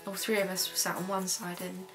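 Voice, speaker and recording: A young woman, a student filmmaker, quietly recalling events in a personal documentary interview. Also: lowish voice, flat delivery, brisk, over music. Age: young adult. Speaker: filmmaker recalling her mother's illness.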